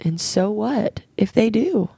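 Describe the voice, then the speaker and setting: Earnest woman with a gravelly edge. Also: mid-range voice, animated, slow, mellow, no room sound, clean studio sound. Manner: earnest, open storytelling with quoted dialogue. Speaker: podcast co-host. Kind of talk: candid conversational chat.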